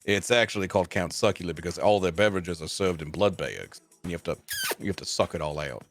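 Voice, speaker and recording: Deep-voiced, dry-witted male player. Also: fast talker, soft background music. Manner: dry and sarcastic. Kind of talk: casual tabletop game chat.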